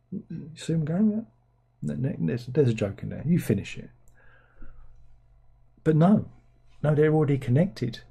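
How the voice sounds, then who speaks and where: A man's voice: medium pitch, creaky, mellow, husky. A man hosting a casual livestream, ranting sarcastically and rambling about films. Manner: sarcastic, rambling, mocks with put-on plummy voices. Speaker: livestream host. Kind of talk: casual film rant.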